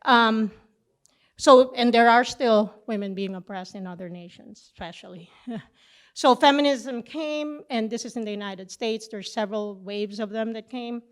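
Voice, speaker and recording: A middle-aged woman teaching a church session, telling a personal story with lively back-and-forth dialogue. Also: fairly high pitch, moderate pace, clear, resonant tone. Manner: animated storytelling, acting out both sides of a conversation.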